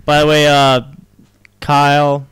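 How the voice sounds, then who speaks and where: A man's voice: fairly high pitch, completely flat delivery, takes it slowly, fairly bright tone, clean tone, no echo. A young man hosting a casual podcast chat with friends, sick and coughing, laughing loosely as he leads the topics. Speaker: podcast host. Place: room shared with several friends.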